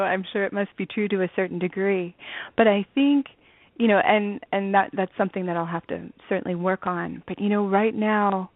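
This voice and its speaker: A woman's voice: mid-range voice, no room sound. A woman interviewed as a student guest, talking earnestly and laughing readily, over a dry, tinny phone line.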